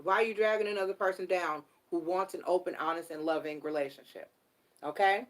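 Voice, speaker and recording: A middle-aged woman giving a casual live tarot reading, blunt and animated and swearing freely. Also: fairly low pitch, a little fast. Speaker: tarot reader.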